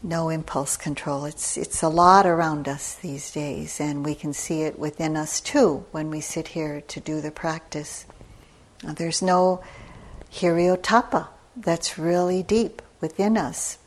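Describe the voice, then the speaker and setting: An older woman gives a dharma talk in an unhurried, reflective way. Her voice sits a little low, and she speaks very slowly, with soft pauses between her thoughts. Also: steady tone. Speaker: meditation teacher. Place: retreat center hall.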